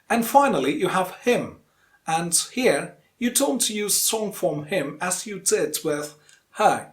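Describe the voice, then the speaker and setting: A man with a high voice teaches English pronunciation in an online lesson. He speaks slowly and deliberately, saying each model sentence several times so the learner can copy it.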